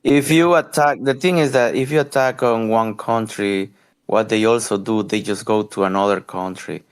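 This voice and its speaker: A man's voice: lowish voice, steady tone, normal speed, smooth. A man from Ecuador in a voice-chat debate who talks hesitantly with many fillers. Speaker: caller in voice chat.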